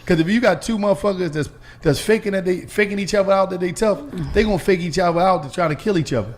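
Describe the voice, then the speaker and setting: A young man telling a comedic story in casual chat, animated and acting out his own past voice. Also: high-pitched, quick pace, slight background noise. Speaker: storyteller on a podcast panel.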